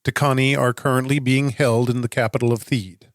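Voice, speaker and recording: A man's voice: mid-range voice, fairly even intonation, dry recording, studio quality, lightly acted. Man playing a formal, composed operative. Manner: measured, formal radio message.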